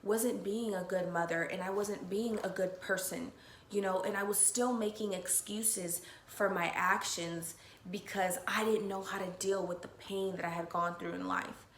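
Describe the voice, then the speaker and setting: A woman's voice: medium pitch, steady tone, moderate pace. A young woman hosting a podcast, telling a personal story to listeners with candid, emotional talk and frequent swearing. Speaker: podcast host. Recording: echoey room with faint noise.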